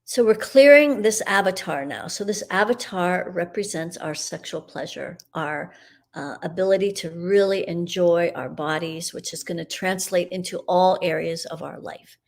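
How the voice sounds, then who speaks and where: A middle-aged woman hosting a live broadcast and leading a guided energy clearing in a meandering, soothing, spiritual way. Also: fairly low pitch, normal speed. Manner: meandering, spiritual, soothing, with soft laughs and fillers.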